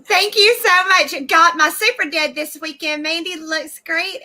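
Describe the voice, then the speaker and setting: High, bright-voiced woman, gushing thanks. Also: measured pace. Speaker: podcast co-host. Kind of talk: casual podcast chat.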